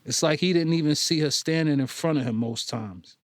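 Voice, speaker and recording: A man reading a novel aloud as an audiobook narrator in a steady storytelling manner. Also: a little high, a little fast, no echo, studio quality. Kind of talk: scripted narration.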